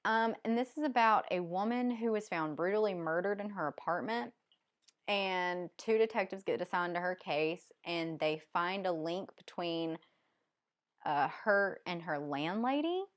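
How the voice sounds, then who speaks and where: Southern lady rambling through a book haul, slow and chatty, lots of ums. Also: fairly low pitch, lively intonation. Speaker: book vlogger. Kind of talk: casual chat.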